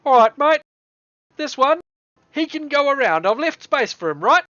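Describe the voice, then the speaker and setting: A game master voicing a stubborn, blunt male dwarf carter who shouts. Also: sits high, sing-song, normal speed, no room sound, dull audio, pitched above the performer's own voice, exaggerated voice.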